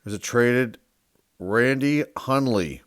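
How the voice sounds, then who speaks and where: Speaking slowly in a mid-range voice, a man who collects sports cards and runs his own channel reads out a list of names, chatting casually and musing as he goes. Some names leave him unsure of the pronunciation, and the recording is dry and studio-clean.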